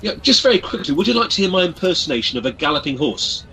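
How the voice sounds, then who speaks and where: A man's voice: high-pitched, sing-song, fast talker, bright, forceful tone, low-quality recording. An Englishman with an English accent, chatting jovially on a radio show, addressing listeners as folks and stumbling over his restarts. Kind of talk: casual radio chat.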